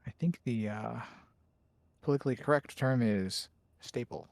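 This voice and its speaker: A man's voice: medium pitch, moderate pace, gravelly, darkish tone, no echo. A man chatting casually while gaming with a friend, cracking dry teasing jokes. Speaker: co-player.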